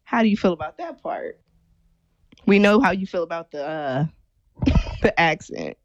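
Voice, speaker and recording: A woman hosts a podcast in loose, casual chat, her voice swinging widely in pitch as she teases and laughs. The sound is close and dry, with no room around her. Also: expressive, unhurried, no echo, dull audio. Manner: laughs often, teasing. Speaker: podcast host.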